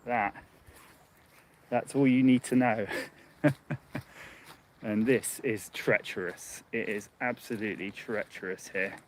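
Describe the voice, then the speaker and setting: A man's voice: on the low side, steady tone, takes it slowly, long pauses, slight background noise. A man livestreaming casually on a handheld phone while walking outdoors along a muddy path, rambling and chatty, laughing often. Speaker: livestream host. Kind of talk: casual live chat.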